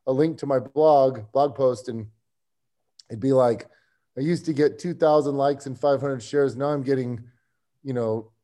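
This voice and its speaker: A man with a warm, mellow voice at an ordinary pitch chats through his story as a podcast guest. His delivery is loose and easygoing, with restarts and frequent soft chuckles. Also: measured pace. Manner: easygoing, rambling, chuckles often. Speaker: strength coach, podcast guest. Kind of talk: casual interview storytelling.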